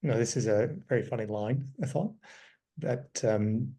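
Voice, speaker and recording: A man's voice: fairly low pitch, a little slow, dark tone. A man hosting a book discussion podcast, talking thoughtfully with frequent fillers and restarts. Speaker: podcast host.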